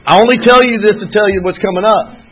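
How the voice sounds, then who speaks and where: His voice is high and a little bright, and he talks fast as he tells the meeting about his own recovery. Candid, rambling, and wryly funny, the testimony is heard on muffled lo-fi audio.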